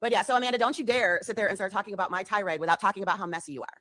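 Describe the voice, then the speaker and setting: Fast-talking woman ranting on a livestream. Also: medium pitch, a bit bright, no room sound. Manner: heated, accusing, profane. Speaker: livestreamer in a clip. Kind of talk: confrontational livestream rant. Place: home.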